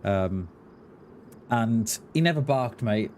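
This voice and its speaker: A man's voice: fairly low pitch, expressive, takes it slowly, darkish tone, slight background noise. A man, ranting casually and bluntly while streaming a game. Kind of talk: casual chat while gaming.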